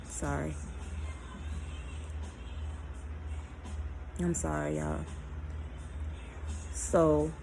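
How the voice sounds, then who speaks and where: A woman tells a personal story in a vlog, emotional and halting, with many fillers. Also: fairly low pitch, a little mellow, poor audio. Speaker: vlogger.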